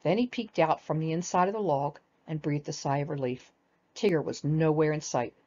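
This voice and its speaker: An older woman reads a children's storybook aloud, gentle and expressive, with a fairly low voice. The recording is dull and lo-fi. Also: normal speed.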